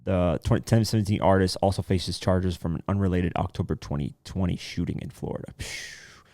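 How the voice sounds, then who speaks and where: A man's voice: low-pitched, fairly quick, dark tone, no room sound. A man hosting a podcast, reading news items aloud and then riffing on them in a loose, casual commentary style with offhand asides and swearing. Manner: reads headlines then riffs with loose asides. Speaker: podcast host.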